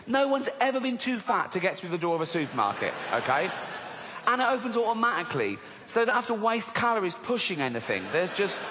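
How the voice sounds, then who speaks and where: An English man in his forties performs a mocking stand-up routine, his voice swinging widely in pitch. He sounds slightly high for a man. The mic catches the long reverb of a large theatre hall. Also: slight background noise. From England. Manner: animated, mocking, slips into squeaky put-on voices. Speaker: stand-up comedian. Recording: live hall with reverb and crowd.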